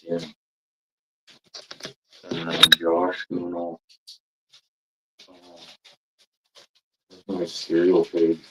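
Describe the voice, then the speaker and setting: Man, casual monologue, rambling and profane, deep voice, slow talker. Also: completely flat delivery, background noise. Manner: rambling, profane, laughs while telling stories. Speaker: livestream chatter.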